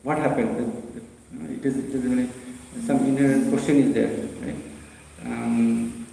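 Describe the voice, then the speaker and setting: A man giving a devotional scripture class, halting with many fillers and restarts as he tells a story and quotes its voices. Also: mid-range voice, steady tone, creaky, warm tone, a little hiss or hum. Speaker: preacher. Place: temple hall. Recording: echoey temple hall.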